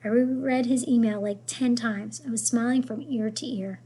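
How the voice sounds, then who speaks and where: A woman reading a children's novel aloud in an expressive storytelling manner. Her voice is on the higher side and slightly breathy. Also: normal speed. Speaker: reader.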